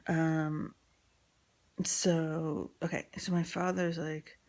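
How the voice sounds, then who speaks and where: A woman's voice: sits low, little pitch movement, extremely slow, darkish tone. A woman in her forties from New York telling a personal story in a frank, rambling way with lots of fillers and swearing.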